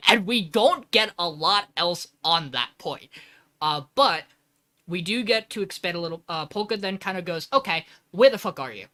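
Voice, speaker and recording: Animated man recapping for a podcast. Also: sits high, a little slow. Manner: animated recapping, acts out quoted lines, swears casually. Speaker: podcast host. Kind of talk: casual podcast chat.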